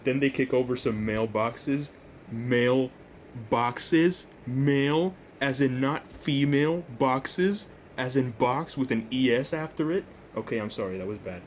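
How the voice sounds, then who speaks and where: A young man hosting a storytime vlog, rambling and jokey, with deadpan asides. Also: medium pitch, slow, a little hiss or hum. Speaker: YouTuber storyteller.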